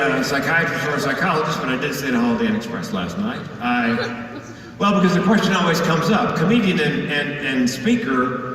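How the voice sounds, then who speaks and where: A man with a medium-pitched, slightly bright voice gives a keynote as a public speaker and comedian, landing a story with punchy comic timing. The large conference hall sounds echoey through a distant mic, with faint room noise.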